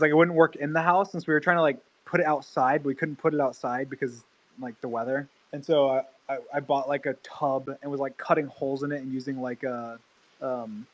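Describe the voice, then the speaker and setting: A man's voice: fairly high pitch, a bit bright. A young man streaming, telling a rambling, profane story full of fillers and restarts. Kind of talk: casual livestream chat.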